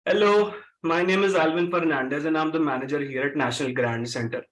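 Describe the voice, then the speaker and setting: A man's voice: a little high, a little fast, a bit bright, roomy sound, recorded from a distance, pitched below the performer's own voice, close to an everyday voice, low-quality recording. A man putting on a male hotel manager with a Punjabi accent and strongly trilled R's. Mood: formal introduction.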